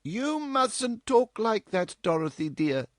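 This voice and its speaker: A gentle, old-fashioned mother in a storybook speaks slowly and earnestly, with mild reproach, as a male narrator voices her. Her voice is lifted high. The recording is dry and close. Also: very animated, vocal fry, no room sound, full character voice. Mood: gently reproving. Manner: slow, earnest, mildly reproving. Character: gentle, proper older mother.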